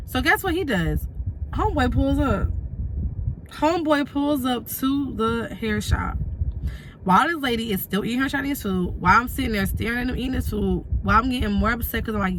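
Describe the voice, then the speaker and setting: A young woman recounting a story to her viewers in an animated, repetitive way. She leans hard on emphatic asides. Her voice sits a little high, with a faint hiss behind it. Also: normal speed. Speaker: vlogger. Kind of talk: storytime vlog.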